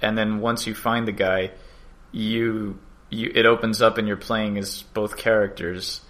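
A man's voice: on the low side, little pitch movement, a little slow, fairly bright tone. A man co-hosting a casual podcast, chatting about game design and laughing often. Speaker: podcast co-host.

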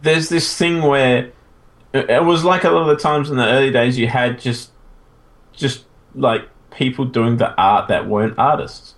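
Gravelly man in rambling game chat. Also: mid-range voice, steady tone, normal speed. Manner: enthusiastic, rambling, many fillers. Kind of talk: casual chat about video games.

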